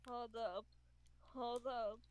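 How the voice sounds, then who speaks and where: A woman's voice: fairly high pitch, fairly even intonation, very slow. A woman talking casually in a group voice call, often stopping to restart and repeat her words. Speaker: friend in voice chat. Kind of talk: casual chat.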